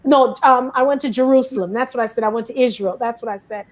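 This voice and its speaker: A woman from Brooklyn, hosting a casual panel discussion in an animated, chatty way and acting out quoted dialogue. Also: on the high side, fast talker. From Brooklyn, New York.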